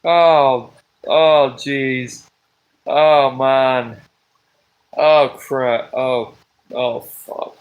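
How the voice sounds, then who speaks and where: A man, ranting on a live stream from a table at home, exasperated, swearing often and breaking into loud outbursts. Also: medium pitch, steady tone, extremely slow, long pauses, phone-quality sound. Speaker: livestream host. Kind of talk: rambling live-stream rant.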